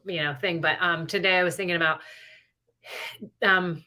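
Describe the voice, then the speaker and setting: A middle-aged woman co-hosts a podcast, telling stories in a casual, rambling way packed with "like" and "you know." Her voice is fairly low, steady, bright, and forceful, at a normal speed.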